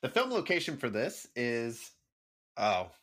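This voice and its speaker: A man's voice: mid-range voice, wildly swooping pitch, unhurried, a bit bright. A man co-hosting a casual podcast, joking and laughing often as he chats about a film. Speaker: podcast co-host.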